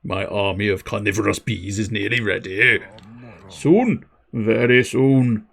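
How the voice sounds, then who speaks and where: A man voicing an unhinged male beekeeper from a game, speaking slowly, grimly and with menace. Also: fairly low pitch, gravelly, fairly bright tone, breathy edge, exaggerated voice. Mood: menacing. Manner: slow, grim and menacing. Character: unhinged male beekeeper plotting revenge with bees.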